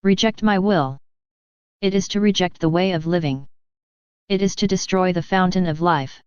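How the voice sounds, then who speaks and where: A woman reading the words of Jesus, a gentle and earnest divine man, in a solemn, measured devotional book reading. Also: on the low side, smooth, no room sound, muffled recording, close to an everyday voice. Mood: tender, solemn.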